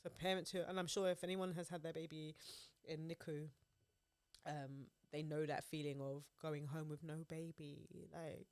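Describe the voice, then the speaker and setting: A woman's voice: sits low, moderate pace, no echo. A young woman, chatting on a podcast and telling stories with lots of laughter. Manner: animated storytelling, laughs often. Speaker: podcast co-host. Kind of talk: casual chat.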